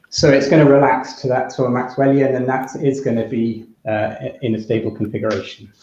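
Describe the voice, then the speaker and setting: A man's voice: medium pitch, a little mellow. A man with a British accent giving a physics workshop lecture, thinking aloud with many restarts and quizzing the audience. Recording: echoey, dull hall recording from far off.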